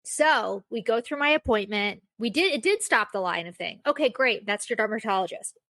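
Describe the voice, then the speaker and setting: A woman's voice: a little high, expressive, normal speed, a bit bright, no echo. A young woman hosting a casual solo podcast, telling a self-mocking story with lots of fillers. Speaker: podcast host.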